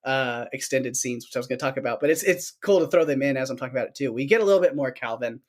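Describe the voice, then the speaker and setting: A man's voice: mid-range voice, very fast. Laughing male podcast co-host. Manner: animated, laughs often, acts out quotes. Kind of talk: casual chat recapping a film.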